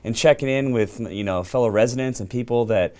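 A man who works as a community correspondent, giving an earnest, halting answer that repeats words as he goes. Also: medium pitch, a little mellow, clean tone. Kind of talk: casual interview answer.

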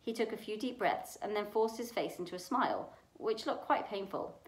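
A woman reading a novel aloud for a library storytime, in an expressive way. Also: mid-range voice, moderate pace. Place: library room. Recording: echoey room.

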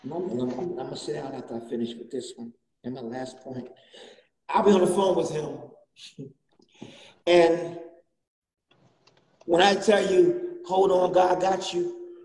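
High-voiced preaching man, echoey church. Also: fairly even intonation, a little slow, long pauses. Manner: fervent, repetitive refrains, rising to shouts. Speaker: guest bishop preaching. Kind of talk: sermon. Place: church sanctuary. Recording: echoey church, distant mic, faint noise.

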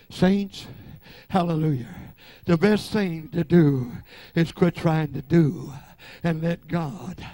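Older preacher, high gravelly shout. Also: male voice, takes it slowly, no echo. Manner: swings between low murmuring and shouted preaching. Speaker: pastor. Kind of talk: Pentecostal revival sermon.

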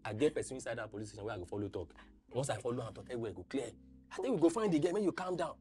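Nollywood hustler: a Nigerian man as a Pidgin-speaking fixer, rapid, animated delivery, soft music behind. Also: mid-range voice, close to an everyday voice. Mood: boastful. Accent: Nigerian Pidgin English. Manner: rapid, boastful and reassuring. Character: fast-talking streetwise man, boastful fixer.

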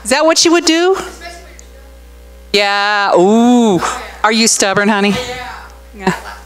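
A woman pastor preaches in an easy, chatty way, trading asides and questions with the people in front of her. Her voice sits at an ordinary middle pitch. Faint music lingers in the background. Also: animated, takes it slowly, rough recording. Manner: chatty, storytelling, asks the room questions. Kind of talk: conversational sermon with congregation banter.

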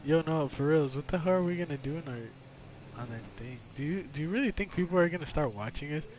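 A young man chatting and joking with a friend while they stream a video game, swearing often and quick to get excited. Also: on the high side, a little hiss or hum. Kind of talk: casual gaming chat.

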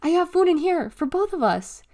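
A woman voicing a cheerful seven-year-old boy with a high, bright voice. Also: very animated, moderate pace, heavily acted. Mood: eager.

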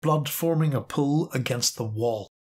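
Man, audiobook narrator, steady measured reading, mid-pitched voice. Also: slightly rough. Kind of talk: scripted narration.

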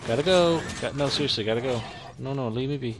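A man's voice: mid-range voice, fairly even intonation, quick pace, background noise. A young man giving playful let's-play commentary, chatting to the creatures on screen as he plays. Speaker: gaming YouTuber.

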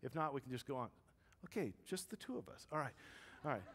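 A woman's voice: extremely low pitch, sing-song, fast talker, breathy edge. A woman pastor giving a conversational, joking sermon in a church, often putting questions to the congregation. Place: church sanctuary. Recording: long church reverb.

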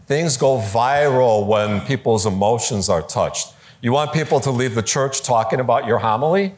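A man giving a conversational talk on preaching to a live audience, lively, with fillers and quoted voices, in a large room. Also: mid-range voice, moderate pace. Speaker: speaker teaching preachers.

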